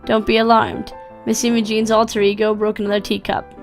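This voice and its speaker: A formal, stiff male robot butler, read out by a woman in a visual novel. He speaks politely and plainly in a mid-pitched voice. Faint music plays behind. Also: level tone, brisk, natural voice. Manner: stiff formal diction, stumbles over words when reading. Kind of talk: reading a visual novel aloud.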